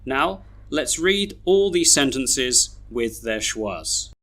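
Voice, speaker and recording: A man narrating a pronunciation lesson as teacher, speaking deliberately and repeating example sentences. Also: mid-range voice, very animated, fairly bright tone. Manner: slow, deliberate, reads example sentences twice.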